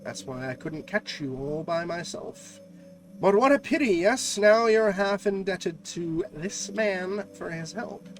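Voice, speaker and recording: A man's voice: high voice, lively intonation, a little slow, a little hiss or hum. A man voicing a scheming, sweet-talking cult mother in a mock-sweet taunting way, with music playing behind.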